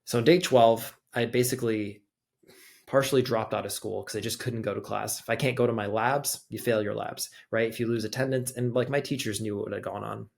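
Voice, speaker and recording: A young adult man appears as a podcast guest, telling a personal story in a loose, conversational way and saying "like" constantly. His lowish voice is fairly quick, fairly even in intonation, and has vocal fry.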